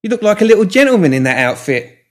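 A man's voice: sits high, sing-song, fast, pitched above the performer's own voice. A man voicing a bubbly, gushing young woman. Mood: gleeful. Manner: chatty, gushing, teasing.

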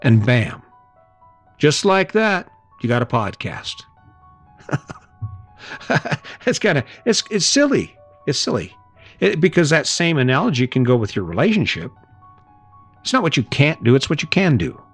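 A man's voice: a little high, very animated, measured pace, long pauses, soft background music. A middle-aged man hosting a motivational podcast, talking casually and acting out short everyday exchanges. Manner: casual, chatty, laughs and acts out little scenes. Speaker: podcast host.

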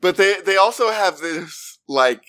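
A man co-hosting a podcast, thinking out loud as he searches for words in a casual discussion. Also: sits high, animated, a little slow. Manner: thoughtful, searches for words, mock-quotes characters. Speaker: podcast co-host.

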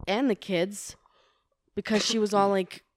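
Young woman ranting, blunt n sweary, mid pitch, dry mic. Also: steady tone, measured pace, dry recording. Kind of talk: casual chat.

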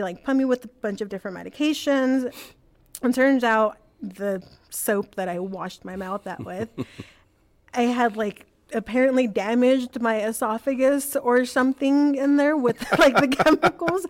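A young adult woman telling a personal story as a podcast guest, casual and full of fillers like "like" and "you know.". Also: a little high.

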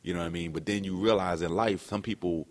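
A man's voice: low voice, fast, big-room sound. A man hosting a podcast, reminiscing casually and acting out quoted lines as he tells stories. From New Jersey. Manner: animated storyteller who acts out quotes. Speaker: podcast host.

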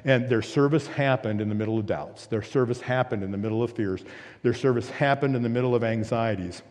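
A male pastor delivers an emphatic sermon, building repeated phrases and asking rhetorical questions. His voice is warm and mellow at an ordinary pitch. It rings out with the long reverb of a church hall. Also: a little fast. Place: church sanctuary.

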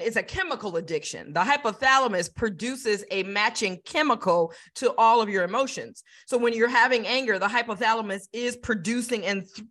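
Woman host, high-ish bright voice, enthusiastic, effusive, casual podcast chat.

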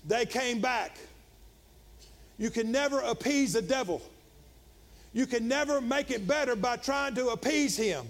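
High-voiced preacher swinging between shouts and hush. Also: male voice, normal speed. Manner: preaching with swings from loud shouting to quiet low storytelling. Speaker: pastor. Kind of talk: sermon.

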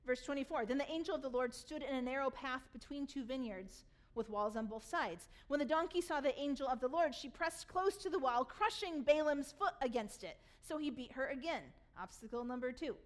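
High-voiced woman pastor preaching. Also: fairly quick. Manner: animated storytelling with laughter, retelling scripture. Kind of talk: sermon.

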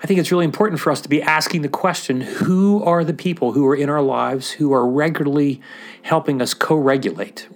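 A man talking about faith in a casual, animated way, often acting out the voices he quotes and using fillers like "like". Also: fairly high pitch, brisk. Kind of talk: casual sermon-style chat.

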